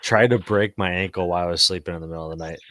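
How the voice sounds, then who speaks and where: A man, a guest on a stream, telling a story in a relaxed, matter-of-fact way. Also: sits low, racing. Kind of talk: casual chat.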